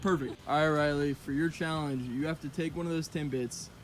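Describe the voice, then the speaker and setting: A man's voice: a little high, steady tone, a little fast, a little hiss or hum. Upbeat man hosting kids' challenges. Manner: upbeat, laughs often, calls kids by name. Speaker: host running kids' challenges. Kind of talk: playful outdoor game hosting. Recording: music playing under voice.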